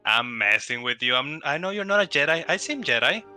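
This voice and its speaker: Bright-voiced teasing man. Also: fairly high pitch, sing-song, brisk, faint music behind. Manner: teasing, in-character ribbing. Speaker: player. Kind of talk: casual tabletop banter.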